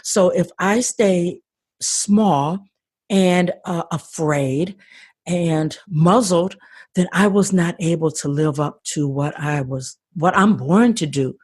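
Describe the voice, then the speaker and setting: A woman's voice: on the low side, takes it slowly, darkish tone, slightly rough. An older woman, a podcast guest, telling her story with passion and frequent restarts over a remote call. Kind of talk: conversational interview.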